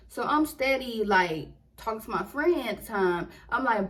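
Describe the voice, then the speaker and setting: A woman's voice: a little high, normal speed, hardly any pauses, low-quality recording. A woman in her twenties telling a story casually and with animation, full of slang, acting out what she said back then. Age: 20s. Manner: animated, slangy, acts out her own quotes. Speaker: vlogger.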